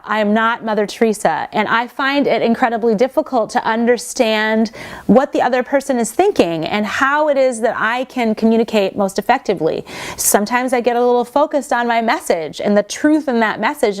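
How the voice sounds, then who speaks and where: Woman speaker, earnest and explanatory, slightly high voice, inspirational talk.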